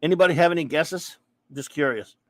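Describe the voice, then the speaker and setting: A man's voice: a little high, a little fast, a bit bright, dry recording. Ranting man host reading chat. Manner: ranting, restarting sentences, reading chat aloud. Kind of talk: casual livestream chat.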